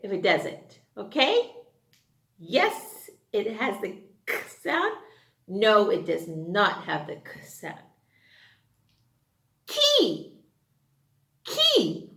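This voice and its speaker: A woman's voice: mid-range voice, very animated, takes it slowly, creaky, fairly bright tone. A woman teaching a phonics lesson to young children, sing-song and exaggerated, drawing out her sounds. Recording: echoey room.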